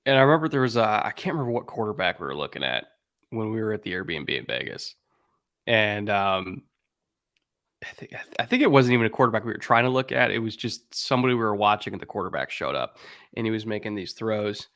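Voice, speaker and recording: A man's voice: fairly low pitch, sing-song, fast, a bit bright, no echo, studio quality. A man co-hosting a podcast in casual chat, talking loosely, joking and swearing now and then. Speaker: podcast co-host.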